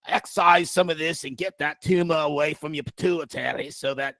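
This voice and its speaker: A man's voice: on the high side, normal speed, bright, forceful tone, dry recording, pitched above the performer's own voice. A man voicing a crude, swearing Australian surgeon with a put-on Australian accent. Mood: brash.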